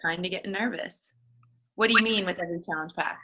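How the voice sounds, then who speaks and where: A woman's voice: on the low side, fast talker, sharp tone, a little hiss or hum, poor audio. A woman leading a casual online team call, chatty and giggly, with plenty of fillers. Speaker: team leader hosting a coaching call. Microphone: online group call.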